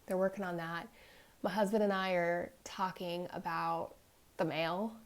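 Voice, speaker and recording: A woman's voice: fairly low pitch, a little slow. A young woman, a crafting vlogger, chatting casually and telling a family story, acting out the voices she quotes. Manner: animated, acts out quoted voices.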